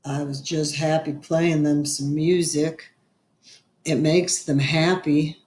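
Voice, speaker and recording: A woman voicing a shy, quiet grown man who stammers softly and speaks slowly. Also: sits low, flat delivery, echoey room, slight background noise, pitched below the performer's own voice. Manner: halting, stammering, slow and soft.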